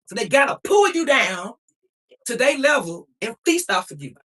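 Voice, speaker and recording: Defiant woman streamer, bright off-mic voice. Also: fairly high pitch, big pitch swings, moderate pace, recorded from a distance. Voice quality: profane, defiant. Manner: emphatic, preachy and confrontational. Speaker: livestreamer. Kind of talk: livestream talk to chat.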